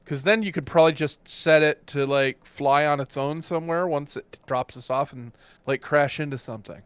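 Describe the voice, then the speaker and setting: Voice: mid-range voice, moderate pace, smooth, no room sound. Practical tabletop player planning aloud. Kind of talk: casual tabletop play.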